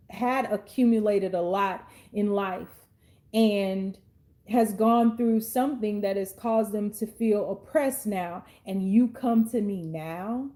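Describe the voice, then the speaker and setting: A woman's voice: mid-range voice, warm tone. A woman in her thirties giving an intuitive tarot reading to the viewer, chatting along with frequent fillers and restarts. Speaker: tarot card reader. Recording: roomy echo.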